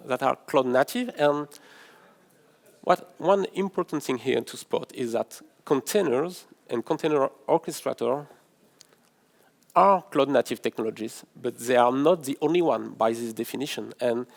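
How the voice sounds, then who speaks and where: French-accented man, middle-aged, mid-pitched, halting conference presenter who often restarts his phrases. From France. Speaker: conference speaker, developer advocate. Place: in-person conference session room.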